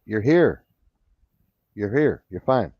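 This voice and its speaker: A man hosting a casual talk radio show, drawling and often pausing with uh. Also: fairly low pitch, lively intonation, slightly rough, dry recording. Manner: drawling, repeats himself, says uh often. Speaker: radio host. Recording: dull lo-fi sound.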